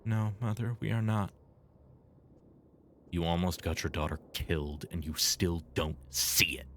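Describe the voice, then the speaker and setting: A man's voice: sits low, measured pace, fairly bright tone, a little hiss or hum. A man reading the lines of a blunt, cold doctor in a game, speaking curtly and accusingly. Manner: curt, accusing. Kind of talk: reading game dialogue aloud.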